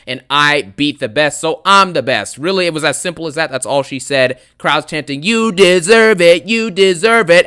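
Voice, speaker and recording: A man in a sarcastic, fed-up wrestling rant with a bright, edgy tone. He talks a little above the usual male pitch, dismissive and quick to mock. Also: clean tone. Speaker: wrestling video ranter. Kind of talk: angry wrestling recap rant.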